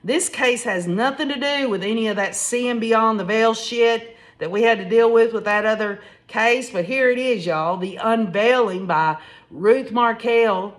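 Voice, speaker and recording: A woman's voice: fairly high pitch, unhurried. Emphatic woman talking true crime. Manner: emphatic, addresses listeners as y'all. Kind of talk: casual true crime commentary.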